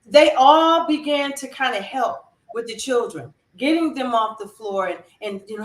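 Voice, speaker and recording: A woman guest on an interview show, telling a story in an animated way and acting out other people's lines. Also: high-pitched, unhurried, few pauses. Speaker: guest counselor. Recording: roomy echo.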